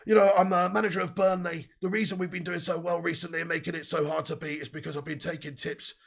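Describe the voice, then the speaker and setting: A man doing an impression of a gruff male football manager, with a rough, smoky voice and a blokey manner. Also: a little high, little pitch movement, quick pace. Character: gruff British football manager, a bit of a geezer.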